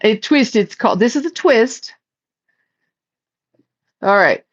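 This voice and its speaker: A woman's voice: a little high, animated, slow, husky, dull audio. A woman hosting a casual livestream chat, reading viewer comments aloud and answering them in a blunt, profane, talkative way.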